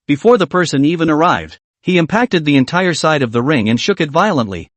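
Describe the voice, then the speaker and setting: A man reading a scripted story recap as narrator, in an even storytelling manner. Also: on the high side, no echo.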